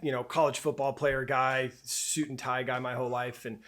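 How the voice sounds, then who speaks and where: A middle-aged man telling a personal story as a guest in a podcast interview, halting and heartfelt, with many restarts and repeated words. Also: medium pitch, level tone, fairly bright tone. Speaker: camp director guest.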